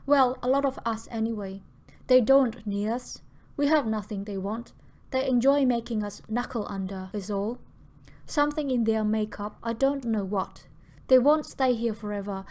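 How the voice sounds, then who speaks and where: A woman voicing a blunt, gruff older man who talks in a coarse, insistent way. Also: fairly high pitch, moderate pace, darkish tone, lightly acted. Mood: urgent, insistent.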